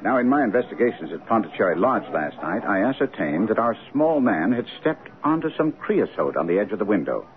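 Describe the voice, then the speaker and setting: An actor playing a brisk, commanding middle-aged male detective in a radio drama, with a crisp, precise delivery. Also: lowish voice, very animated. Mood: dry, confident. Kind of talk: 1970s radio drama acting. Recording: tinny lo-fi radio broadcast with faint hiss.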